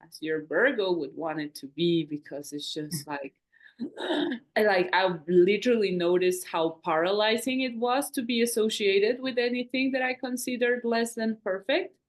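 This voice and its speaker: A woman's voice: mid-range voice, moderate pace. A woman co-hosting a podcast, talking in a reflective, rambling way with many fillers. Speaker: podcast co-host. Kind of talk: casual conversational podcast chat.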